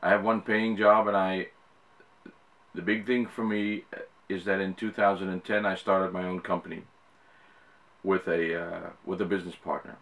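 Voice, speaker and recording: Dutch guy, low voice, american-ish english, lots of uhs and restarts, chatty vlog. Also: level tone, normal speed, pauses often, fairly bright tone. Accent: Dutch speaker with an American-sounding English accent. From Netherlands. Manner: rambling, many fillers and restarts. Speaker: YouTuber. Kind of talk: casual talk to camera.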